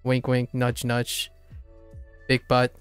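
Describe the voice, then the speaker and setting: This is a young man with a slight Southern American accent, talking in a casual, rambling way. He laughs easily and drifts into musing, and his voice stays smooth and even. Faint music plays softly behind him. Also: mid-range voice, takes it slowly, dry recording. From Southern United States. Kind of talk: casual chat.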